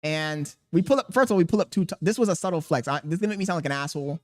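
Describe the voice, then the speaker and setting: A young man hosting a podcast, telling a profane story in a casual, animated way. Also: a little high, rapid-fire, no room sound. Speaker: podcast host.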